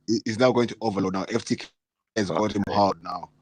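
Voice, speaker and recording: A man's voice: fairly low pitch, fairly even intonation, fast, no room sound. A man of Caribbean background, teasing a friend in casual comedic banter and repeating lines for effect.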